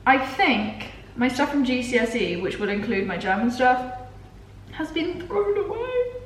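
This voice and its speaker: A young Englishwoman with an English accent, vlogging casually at home and slipping into slow, halting beginner German. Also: sits high, fairly bright tone, slight background noise. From England. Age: young adult. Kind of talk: casual vlog chat. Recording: roomy, echoey room sound.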